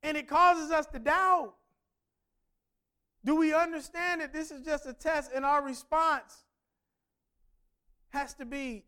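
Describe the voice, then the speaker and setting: High-voiced male preacher. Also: steady tone, slow pace, pauses often, sharp tone. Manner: conversational, asks many rhetorical questions. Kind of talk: sermon.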